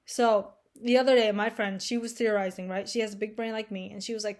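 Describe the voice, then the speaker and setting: A woman's voice: medium pitch, little pitch movement, a little fast, hardly any pauses. A young woman vlogging to camera in a casual, rambling monologue, playful and crude, full of fillers.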